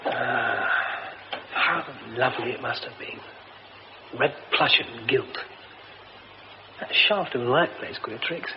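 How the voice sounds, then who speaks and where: An actor playing an excitable young playwright in a radio drama, talking to himself in exclamations. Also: male voice, medium pitch, takes it slowly, long pauses, lightly acted. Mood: wondering. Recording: dull old radio recording with clear hiss.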